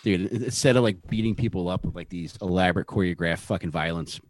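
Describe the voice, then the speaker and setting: A man's voice: deep voice, fast talker, no room sound, clean studio sound. A man in his early forties co-hosting a podcast in casual chat, swearing a lot and mocking himself. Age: 40s. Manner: profane, animated, self-mocking. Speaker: podcast co-host.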